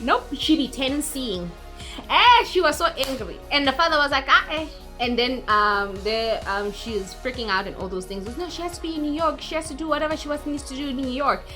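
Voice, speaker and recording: A woman's voice: high-pitched, animated, brisk, pushed and bright, soft background music. A woman recapping a movie in a chatty, mocking way, acting out characters as she goes. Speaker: YouTuber.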